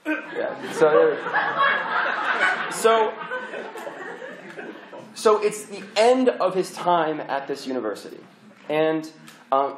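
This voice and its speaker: Young male preacher, chatty storyteller, slightly high voice, roomy echo. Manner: animated, chatty, with many restarts. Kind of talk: storytelling sermon.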